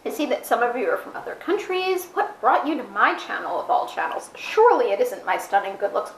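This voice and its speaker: A woman's voice: fairly high pitch, big pitch swings, fairly quick, few pauses, echoey room, slight background noise, low-quality recording. A woman vlogging casually to an action camera at home, chatty and self-mocking, rambling as she talks. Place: indoors at home, with her dog nearby. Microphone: camera mic, fisheye action camera.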